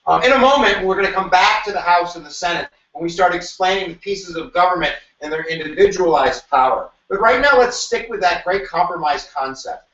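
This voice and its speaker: A man teaching a review lecture to a class, animated and jokey, with sudden shouts and quick asides. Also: high voice. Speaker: history teacher. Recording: echoey room, mic at a distance, dull sound.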